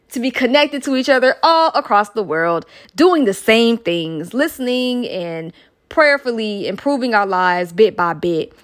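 A woman from Atlanta hosting a podcast, chatting casually, laughing often and making playful asides. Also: fairly high pitch. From Atlanta, Georgia. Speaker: podcast host.

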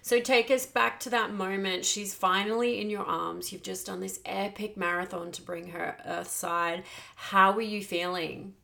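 Gravelly-voiced woman podcast host. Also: medium pitch, fairly even intonation, unhurried. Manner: gentle, encouraging, affirming. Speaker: podcast host interviewing mothers. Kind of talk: warm interview questions.

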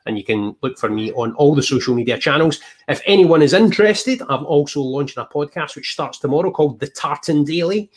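A man's voice: a little high, animated, a little fast, hardly any pauses, breathy edge. A Scottish man hosting a podcast, wrapping up with a casual, chatty sign-off and friendly teasing of his guest. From Scotland. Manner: chatty, laughs easily, teasing. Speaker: podcast host.

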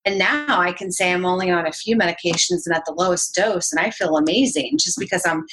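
A woman's voice: on the low side, fairly bright tone, poor audio. A woman speaking as a podcast guest, telling a personal story candidly and openly. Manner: candid and open, fast and chatty.

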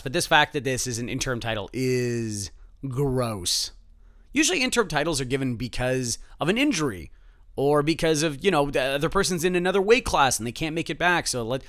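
A man hosting a solo sports betting podcast, animated and sarcastic, swinging from loud outbursts to muttered asides. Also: fairly high pitch, no echo, studio quality.

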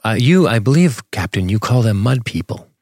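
A man's voice: mid-range voice, big pitch swings, normal speed, a little mellow, no room sound, clean studio sound. A man co-hosting a podcast, chatting casually and profanely about a movie as he watches it, laughing often. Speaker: podcast co-host. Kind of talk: casual movie commentary chat. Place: home streaming setup.

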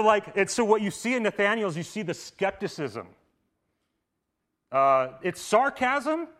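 This pastor's voice sits on the high side as he gives a relaxed, conversational sermon during a church service. He leans on the word "like" often, alternating loud, emphatic stretches with softly spoken lines.

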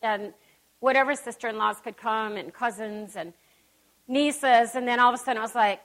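High, bright-voiced woman preaching. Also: normal speed. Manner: emphatic, folksy, chatty asides. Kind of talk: conversational sermon. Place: church service.

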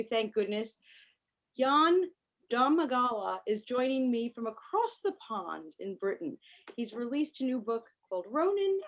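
A woman hosting a podcast, chatting casually with a guest, bubbly and quick to laugh. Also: fairly high pitch. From United States. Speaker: podcast host. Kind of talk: casual interview chat.

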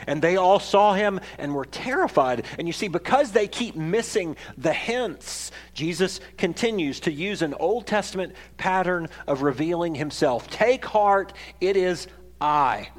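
A man preaching a sermon as pastor, swinging from loud, emphatic passages to quiet ones and raising his voice for scripture readings. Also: on the high side. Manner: reads scripture aloud in a raised voice.

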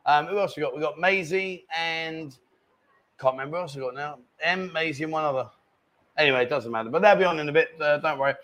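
A man's voice: on the high side, fast talker, fairly bright tone. A man hosting a casual live stream from a bar, bantering and reading out viewer comments. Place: bar lounge.

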